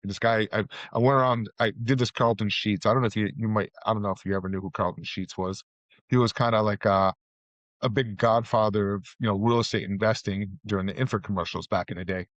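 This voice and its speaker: A man's voice: lowish voice, fairly even intonation, fast, no room sound. A middle-aged man, a real estate guest, telling loose, rambling stories full of fillers and restarts. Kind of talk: casual storytelling interview. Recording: dull, muffled audio.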